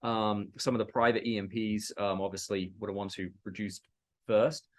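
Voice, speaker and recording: Low-voiced conversational male analyst. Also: flat delivery, normal speed. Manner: conversational, hedging with fillers, trails off softly. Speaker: webinar co-presenter, industry analyst. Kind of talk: business webinar talk.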